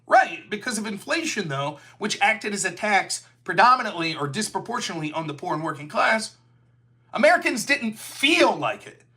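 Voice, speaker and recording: A man with a high-sitting, sharp-toned voice hosts a livestreamed political commentary show. He's heated and sarcastic, slipping into mocking voices.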